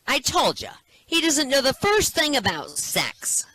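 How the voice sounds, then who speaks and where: A man's voice: very high voice, wildly swooping pitch, unhurried, bright, forceful tone, voice pushed up, full character voice, poor audio. A man voicing a smug unfaithful wife in a joke, in a raised, mocking voice.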